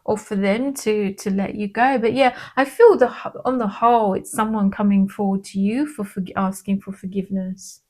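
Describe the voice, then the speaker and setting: A woman giving a casual tarot card reading in a gentle, reassuring manner, often checking in with "okay?". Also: mid-range voice, fairly even intonation, moderate pace, few pauses.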